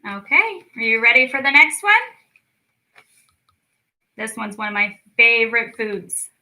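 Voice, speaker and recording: A young woman teaching a children's lesson, slow and encouraging as she speaks to young kids. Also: fairly high pitch, expressive, pushed and bright, rough recording. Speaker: speech clinic storytime teacher.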